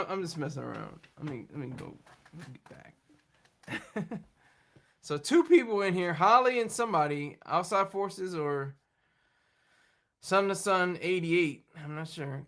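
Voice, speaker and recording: A man's voice: high-pitched, a bit bright, clean tone. A man hosting a live stream from his computer at home, chatting in a loose, rambling way with frequent laughs and restarts. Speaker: livestream host.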